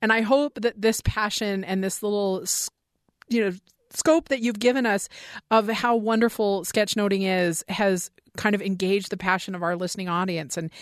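A woman hosting a show, effusive and enthusiastic, who repeats words when she gets excited. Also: mid-range voice, moderate pace, dry recording, clean studio sound. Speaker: podcast host.

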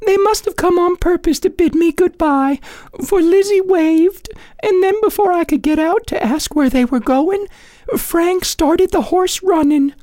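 A man voicing a frantic middle-aged wife in a read-aloud story, pleading in a very high, strained voice. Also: measured pace, a little mellow, dry recording. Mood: distraught.

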